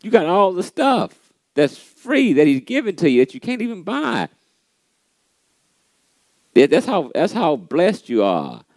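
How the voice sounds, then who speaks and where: A man hosting a motivational church pep talk, animated and preachy, often saying "man" and repeating key lines for emphasis, with a playfully sarcastic edge. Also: high-pitched, unhurried, long pauses, no room sound.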